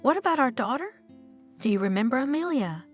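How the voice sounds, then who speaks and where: A woman's voice: sits high, big pitch swings, a little fast, voice pushed up. A woman narrator voicing a shocked, grieving widower who pleads with a stranger, with faint guitar music behind. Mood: pleading. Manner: pleading, bewildered.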